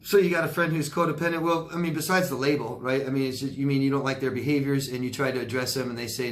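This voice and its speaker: A man's voice: mid-range voice, fast, few pauses, roomy sound. A man, a life coach, answering viewer questions in a loose, rambling way, repeating words and using many fillers. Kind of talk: casual Q&A monologue.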